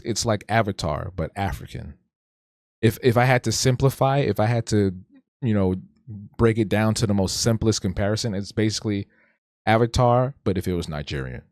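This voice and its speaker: A man's voice: sits low, a little mellow, dry recording, clean studio sound. A man hosting a casual livestream, talking reflectively and rambling, often restarting and stuttering. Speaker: streamer hosting an art talk show.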